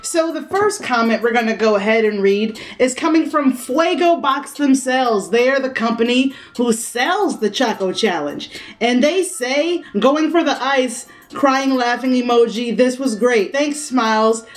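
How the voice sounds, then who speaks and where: A woman's voice: on the high side, expressive, a little slow, hardly any pauses, faint music behind. Brash, playful young woman vlogging. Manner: brash, profane and playful, laughs a lot. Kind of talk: casual vlog chat.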